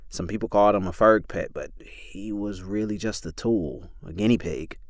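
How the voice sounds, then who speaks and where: Measured male audiobook narrator, low and dry-recorded. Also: no echo. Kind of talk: scripted narration.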